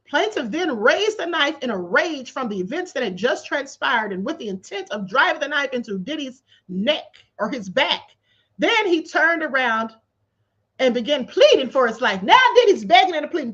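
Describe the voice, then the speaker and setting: A woman's voice: high voice, big pitch swings, normal speed, a bit bright, lo-fi sound. A woman hosting a livestream, reading a court filing aloud and picking it apart with sarcastic, disbelieving commentary. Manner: incredulous and sarcastic, laughing in disbelief. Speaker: livestream host. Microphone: livestream setup.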